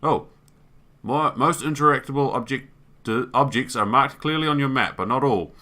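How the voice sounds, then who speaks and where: Male let's player, bright tone, casual and profane, reading game prompts aloud. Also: mid-range voice, normal speed. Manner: thinks aloud, swears, reads on-screen text. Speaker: gaming YouTuber. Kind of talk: let's play commentary.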